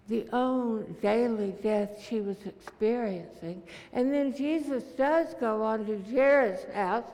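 Slow, gravelly woman preaching in a hall. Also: a little high, dark tone. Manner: vivid, slow storytelling retelling of scripture. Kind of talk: sermon.

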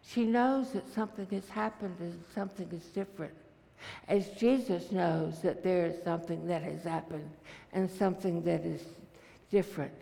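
A woman preacher giving a sermon, retelling a scripture story in vivid, unhurried detail. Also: mid-range voice, vocal fry, a little mellow, long reverb tail.

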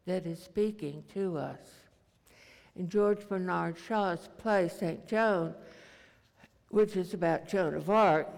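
A preacher delivers a sermon slowly and deliberately, in a repetitive cadence. A gravelly fry runs through the voice. Long reverb from the church hall trails each line. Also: mid-range voice, darkish tone.

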